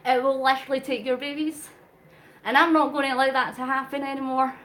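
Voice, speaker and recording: Earnest, high-voiced woman live-streaming. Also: flat delivery, fast talker, a bit bright. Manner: earnest, emotional, reads out viewer comments. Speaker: vlogger doing a live charity cycle. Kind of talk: live-stream chat while cycling.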